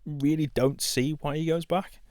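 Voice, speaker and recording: A man's voice: a little high, fairly even intonation, normal speed, darkish tone, smooth, dry recording. A man co-hosting a podcast in casual football chat, giving his opinions in a matter-of-fact way. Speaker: podcast co-host.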